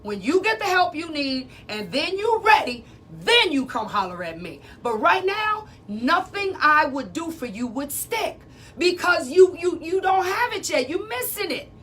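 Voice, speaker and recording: A woman's voice: very high-pitched, big pitch swings, a little slow, a bit bright, a little hiss or hum. A middle-aged woman, an emphatic, preachy salon business coach talking casually to her followers, repeating points and calling them y'all. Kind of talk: casual motivational talk to followers. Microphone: phone.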